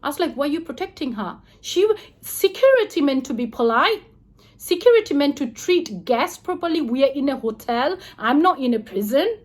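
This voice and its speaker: A woman in a hotel room recounting a complaint to her camera, indignant and fast, replaying the back-and-forth as she tells it. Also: high-pitched, big pitch swings. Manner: indignant, rapid retelling with quoted back-and-forth. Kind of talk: heated personal account to camera.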